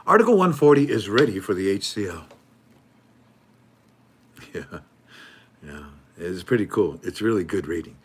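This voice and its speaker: A man hosting his channel reads news articles aloud with casual, mocking commentary, laughing often and acting out officials in a high voice. His voice is expressive with a breathy edge, at normal speed with long pauses.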